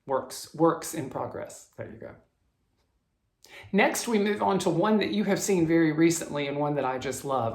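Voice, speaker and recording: A man with a Southern US accent, chatting casually about his cross-stitch projects, stopping and restarting his sentences often. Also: on the high side. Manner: halting, with frequent restarts and self-corrections. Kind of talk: casual show-and-tell chat. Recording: roomy echo.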